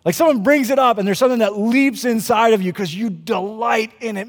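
A male pastor preaching a conversational sermon at a church service, swinging between loud emphasis and quiet asides to the congregation. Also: high voice, a little fast, long reverb tail.

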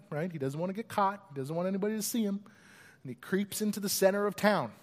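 A pastor preaching a sermon, telling a story in an animated way and acting out its voices. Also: male voice, on the high side. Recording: long hall reverb.

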